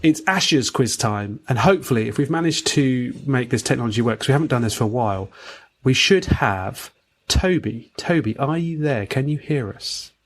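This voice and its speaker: A man co-hosts a chatty podcast. He is lively and animated, and he swings into mocking impressions when he retells a story. His voice sits at a middle pitch. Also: normal speed. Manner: animated, acts out quotes in a mocking voice. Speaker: podcast co-host. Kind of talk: casual chat.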